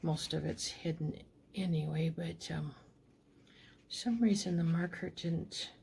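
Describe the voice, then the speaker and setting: A woman hosting a crafting video, talking casually and a bit self-deprecatingly as she works, often trailing off into soft near-whispers. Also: low voice, fairly even intonation, a little slow, creaky, slight background noise. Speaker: crafting channel host. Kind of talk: casual crafting talk-through.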